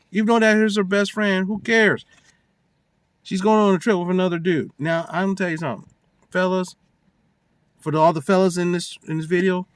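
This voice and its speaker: A man's voice: high voice, no room sound. A man ranting casually to his phone about a friend's relationship, telling the story with acted-out quotes and slang. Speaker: vlogger giving relationship advice. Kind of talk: casual rant to camera.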